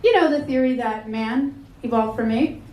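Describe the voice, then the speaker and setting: Woman, high voice, stand-up comic, deadpan punchlines, roomy club sound. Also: normal speed. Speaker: stand-up comedian. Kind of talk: stand-up comedy set. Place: comedy club stage. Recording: echoey club with loud audience laughter.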